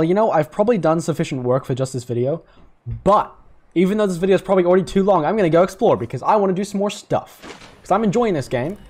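A young man rambles through gameplay commentary, cracking jokes and swearing. His voice sits a little high and swings widely in pitch. Faint game music plays behind him. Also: a little mellow. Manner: jokey, rambling, swears and laughs. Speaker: gaming YouTuber.

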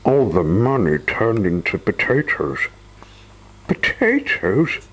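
A man reading a children's storybook aloud with expressive narration. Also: low voice, unhurried, husky, rough recording.

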